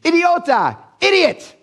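A man's voice: extremely high pitch, huge pitch swings, slow pace, a bit bright. A middle-aged man from Pennsylvania preaching a casual, blunt sermon as pastor, acting out the people he quotes with big jumps in his voice. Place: church.

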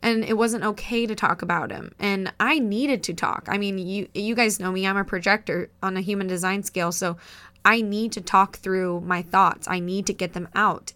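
A woman co-hosting a podcast in easy, casual conversation. Her voice is bright and forward, and she talks in a chatty, emotional way, often breaking into laughter. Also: medium pitch. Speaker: podcast co-host.

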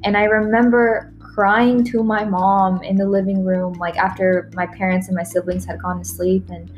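A woman's voice: medium pitch, little pitch movement, normal speed, a little mellow, faint music behind. A woman in her thirties from Texas, a native Spanish speaker, talking casually as a podcast guest, laughing often and acting out remembered conversations. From Texas, USA.

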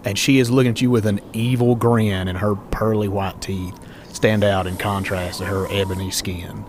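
Low-voiced male game master. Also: moderate pace, a little hiss or hum. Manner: relaxed descriptive narration. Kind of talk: narrating a tabletop game.

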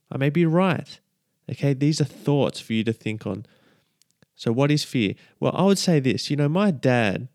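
A man's voice: medium pitch, a little mellow, no room sound. Guy doing a chill faith podcast, keeps saying okay, repeats himself, dry close sound. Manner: chatty, repeats key lines, checks in with "okay?". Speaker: podcast host. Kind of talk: casual devotional talk.

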